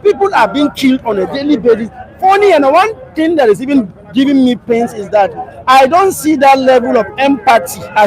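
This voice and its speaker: A man's voice: extremely high pitch, rough recording. A man giving political commentary on a talk show, emphatic, with rhetorical questions and frequent hesitations.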